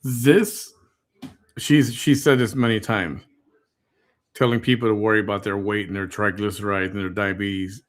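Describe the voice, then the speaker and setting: A man's voice: fairly low pitch, steady tone, moderate pace. A man hosting, commenting on a replayed clip in a wry, critical, laid-back way. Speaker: commentary host. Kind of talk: casual commentary.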